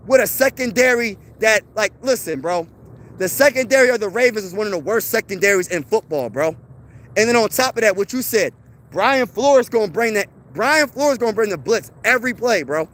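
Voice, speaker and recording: A man's voice: high-pitched, animated, a little fast, a bit bright. A man hosting a sports fan live stream, talking in a boastful, hyped-up trash-talk manner.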